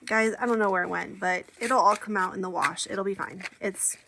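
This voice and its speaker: A woman's voice: medium pitch, a little fast, gravelly, noisy background. A woman chatting casually and counting money aloud, upbeat and friendly. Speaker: savings challenge creator. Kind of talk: casual chat while counting cash.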